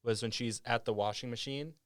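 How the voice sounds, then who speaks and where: A man's voice: medium pitch, fairly quick, fairly bright tone, no echo, studio quality. A man hosting a podcast, casually retelling a movie scene by scene in a rambling way. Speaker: podcast host.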